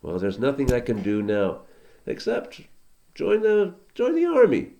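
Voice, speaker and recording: A man voicing a cheerful poor handyman who chats brightly about his luck. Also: medium pitch, huge pitch swings, a little slow, vocal fry, exaggerated voice. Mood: earnest. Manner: upbeat, chatty, Yiddish-flavored words. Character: cheerful poor male handyman, always happy.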